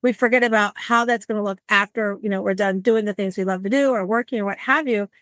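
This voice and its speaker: A woman in her sixties hosting a podcast, telling stories in an animated, conversational way and acting out the people she quotes. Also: mid-range voice, quick pace, no echo. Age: 60s. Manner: animated, acts out quoted voices. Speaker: podcast host. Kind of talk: conversational storytelling.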